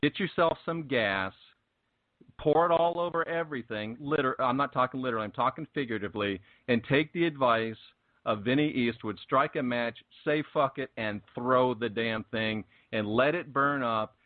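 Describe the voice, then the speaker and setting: A man's voice: mid-range voice, normal speed, dry recording. A man hosting a spiritual talk show, speaking with fervent, preachy emphasis in casual chat. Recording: tinny phone-like line.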